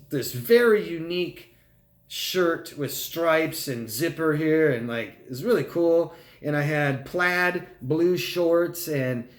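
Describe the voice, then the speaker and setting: A man working as a life coach, answering viewer questions live in a calm, conversational way. He keeps checking in with "right?" and "okay?". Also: a little high, echoey room. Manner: calm and reassuring when advising.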